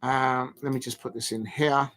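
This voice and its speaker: A man's voice: medium pitch, little pitch movement, normal speed, a bit bright. A man hosting a casual live stream, rambling and joking, with the odd mock moan. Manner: rambling, jokey, prone to mock moaning.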